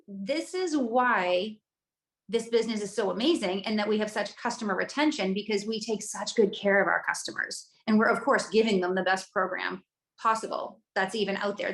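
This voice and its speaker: A woman's voice: medium pitch, vocal fry, reverberant, poor audio. A woman guest speaker giving sales coaching, enthusiastic and conversational as she walks through her script.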